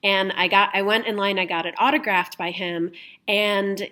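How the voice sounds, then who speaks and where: A woman's voice: medium pitch, steady tone, normal speed, bright, forceful tone. A young adult woman hosting a podcast, telling stories in casual chat, laughing often and swearing casually. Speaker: podcast host.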